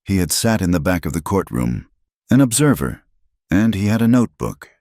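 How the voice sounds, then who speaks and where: An extremely deep male voice reads a western tale in short, dramatic phrases, his pitch rising and falling with lively expression. The recording is close and dry, with no room sound at all. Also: no room sound. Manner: dramatic, measured, pausing phrase by phrase. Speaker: storyteller. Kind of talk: scripted narration of a western story.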